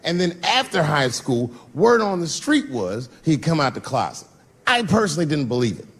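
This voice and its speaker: A man does a stand-up set, telling a profane story with animated delivery and sudden jumps in his voice. His voice sits on the high side and moves at a normal speed.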